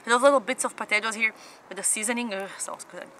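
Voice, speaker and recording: Woman, family show host, casual eating chat, bright higher voice, mm-hmms between bites, outdoors, faint festival noise. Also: fast talker, low-quality recording. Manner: chatty and enthusiastic while eating, with frequent mm-hmms. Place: quiet corner on the ground outdoors at a festival.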